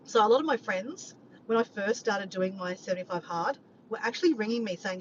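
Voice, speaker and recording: A woman's voice: mid-range voice, a little fast. A woman chatting casually to her vlog audience, rambling from point to point and swearing freely. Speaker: vlogger. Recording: dull lo-fi sound with faint background noise.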